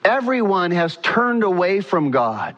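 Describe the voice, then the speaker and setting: A man's voice: high voice, big pitch swings, measured pace, fairly bright tone, dull audio. A man preaching a sermon as pastor, emphatic, now and then acting out quotes.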